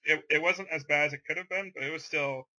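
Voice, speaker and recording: A man's voice: on the high side, quick pace, bright, forceful tone, low-quality recording. A man co-hosting a casual podcast, rambling through his day and repeating words as he goes. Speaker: podcast co-host. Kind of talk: casual chat.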